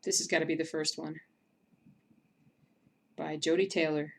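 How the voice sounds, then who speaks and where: A woman hosting a casual livestream chat, reading viewer comments aloud between bursts of excitement. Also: deep voice, moderate pace, a little hiss or hum. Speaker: stream host.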